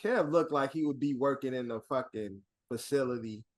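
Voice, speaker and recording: A man co-hosting a sports podcast, joking and cursing in loose banter. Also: mid-range voice. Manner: joking, profane, quick agreement. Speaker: podcast co-host.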